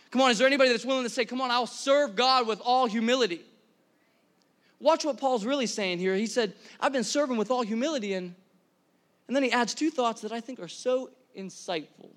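High-voiced energetic man preaching. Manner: energetic, conversational, many restarts and audience questions. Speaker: pastor. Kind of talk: sermon. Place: church hall before a congregation.

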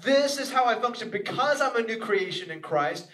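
A man's voice: very high voice, lively intonation, moderate pace, fairly bright tone. A man preaching a sermon as pastor, earnest and repetitive, acting out the inner voices of his listeners. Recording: echoey room, voice from a distance.

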